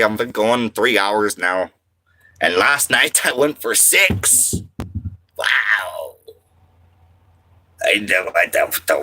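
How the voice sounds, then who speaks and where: Speaking in a low voice with a sharp tone, a French-Canadian man in his thirties rambles casually as a livestream host. He reads his viewers' comments aloud as he goes.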